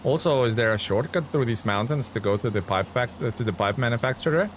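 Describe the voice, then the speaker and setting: A man's voice: mid-range voice, quick pace, a little hiss or hum. A young man streaming a driving game, chatting casually and answering viewers' comments as he plays. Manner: chatty, reads chat aloud and answers viewers.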